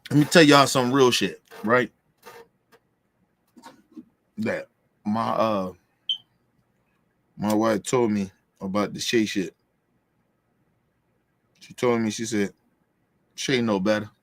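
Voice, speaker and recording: A man's voice: fairly low pitch, slow pace, long pauses, fairly bright tone. A man hosting a podcast, ranting in a heated, profane way and repeating himself for emphasis. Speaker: podcast host. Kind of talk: casual ranting commentary.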